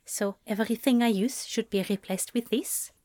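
A woman's voice: fairly high pitch, normal speed, a little mellow, dry recording. A woman, an audiobook narrator, thinking aloud at home as she plans character voices, rambling and correcting herself, often dropping into half-whispered asides. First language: German.

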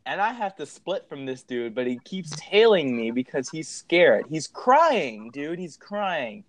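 A young man telling a story in a casual, animated way, swearing and laughing as he goes. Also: fairly high pitch, measured pace.

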